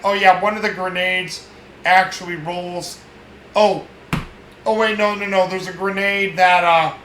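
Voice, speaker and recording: High, bright man reviewing a film. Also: reverberant, slight background noise, rough recording. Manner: rambling and chuckling, many fillers and restarts. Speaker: film podcast host.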